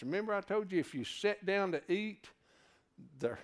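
A man preaching a sermon to a live congregation. He moves from loud, emphatic declarations to quiet, low asides and calls his listeners folks. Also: animated, moderate pace.

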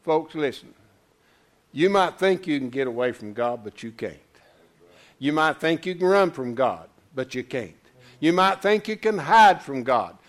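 An older man preaching a sermon, telling a folksy story and swinging from low murmurs to loud high exclamations. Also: very animated, measured pace. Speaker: pastor.

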